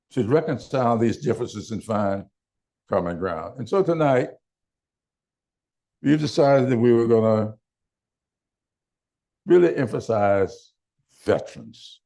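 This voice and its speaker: An older man giving a town hall speech in slow, deliberate oratory with emphatic pauses. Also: medium pitch, gravelly, dark tone. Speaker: political speaker.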